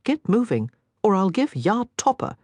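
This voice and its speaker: A rough, harsh young street thief with a Cockney accent, as a woman narrator puts him on, menacing and desperate. The voice rides higher than her low reading voice and swings with a lively lilt. It sits close and dry, with no room sound. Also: normal speed, no room sound.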